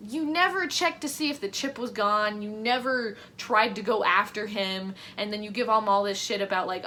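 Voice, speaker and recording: A woman's voice: mid-range voice, normal speed, few pauses, bright, forceful tone, slight background noise. A woman giving casual reaction commentary, ranting in exasperation with lots of swearing and mocking quoted lines. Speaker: reaction vlogger.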